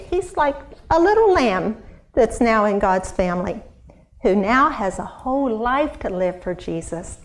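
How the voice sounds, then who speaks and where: Animated woman telling children a Bible story. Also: fairly high pitch. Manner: animated, expressive, asks the kids questions. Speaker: Sunday school teacher.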